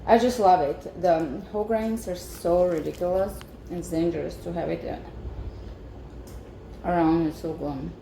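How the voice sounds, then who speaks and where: A woman's voice: fairly low pitch, measured pace, gravelly, mellow. A woman chatting enthusiastically in a casual cooking vlog, tasting her own baking as she talks. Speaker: home baker. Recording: echoey room with faint background noise.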